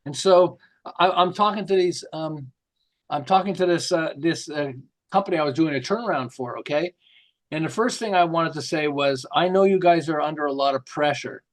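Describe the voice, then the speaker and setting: A middle-aged man, a marketing author, telling lively stories in an interview and acting out the quotes. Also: on the high side, moderate pace. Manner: lively, jokey, acts out quotes with laughs. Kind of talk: animated storytelling interview.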